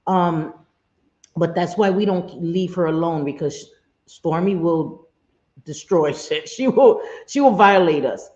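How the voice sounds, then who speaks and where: A woman's voice: fairly low pitch, slow pace, a little mellow. A middle-aged woman chatting casually on a live stream, laughing often, cursing freely and answering her viewers directly. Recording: roomy, slightly dull sound.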